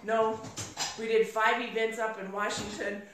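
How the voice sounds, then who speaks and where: A middle-aged woman giving a live motivational talk to an audience, an energetic storyteller who acts out quoted dialogue. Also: on the high side, normal speed, background noise. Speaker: motivational speaker. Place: large room in front of an audience. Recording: echoey room from far off.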